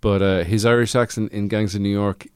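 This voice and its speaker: A man with a low, smooth, resonant voice who chats casually on a podcast panel, rambling and throwing in jokey asides. The sound is dry and close to the mic. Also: steady tone, brisk, darkish tone, dry recording. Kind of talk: casual chat.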